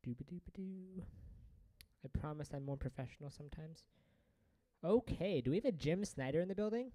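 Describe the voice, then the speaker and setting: A man's voice: a little high, lively intonation, a little fast, mellow, no echo. A man hosting an open mic, introducing acts with loose, self-deprecating banter.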